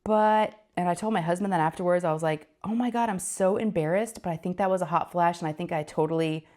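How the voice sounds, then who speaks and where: Woman, 50s, lowish voice, casual storyteller, animated and chatty. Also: quick pace. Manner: animated, chatty, laughs often, addresses viewers as y'all. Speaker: crafting channel host.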